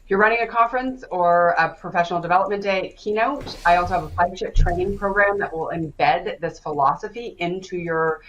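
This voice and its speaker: A woman coach tells her stories briskly, jumping into other people's voices as she quotes them. Her voice sits a little low. It comes through a muffled video-call line. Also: a little hiss or hum. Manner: lively, acts out dialogue in quoted voices. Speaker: stress coach and guest speaker. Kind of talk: animated storytelling in an online session.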